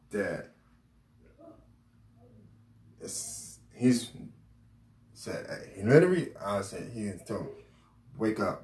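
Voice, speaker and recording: Male podcast host, deep voice, emotional and repetitive storyteller, roomy distant recording. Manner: halting, emotional, repeats "literally" and restarts. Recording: roomy echo, mic at a distance, faint ambience.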